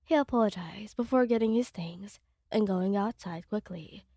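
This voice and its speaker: A woman reading her own fan fiction story aloud in a soft, unhurried storytelling manner, sometimes close to a whisper. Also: mid-range voice, no echo.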